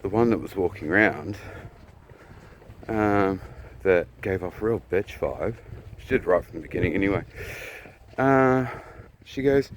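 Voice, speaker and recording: A man from New Zealand telling a personal story in a blunt, profane, casual way, often clearing his throat. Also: low-pitched, expressive, unhurried, long pauses, a little hiss or hum.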